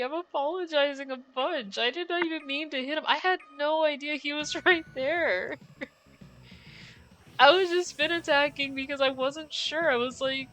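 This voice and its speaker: A woman's voice: high voice, moderate pace, fairly bright tone, rough recording. A young woman chatting casually while streaming a racing game, rambling with lots of fillers, apologizing and laughing often. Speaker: gaming streamer. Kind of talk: casual live-stream chat while playing. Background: game music.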